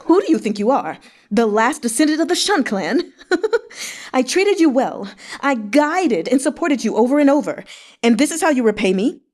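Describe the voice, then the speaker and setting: A woman reading aloud, voicing a furious, scheming male guard commander who shouts and mocks. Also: sits high, expressive, moderate pace, voice pushed up. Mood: mocking. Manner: shouting, mocking.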